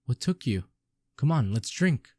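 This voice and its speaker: A man's voice: mid-range voice, very animated, a little slow, dark tone, no echo. Drunk jolly young wanderer guy, rambly and giggly, a man reading it, dry close sound. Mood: drunk merry.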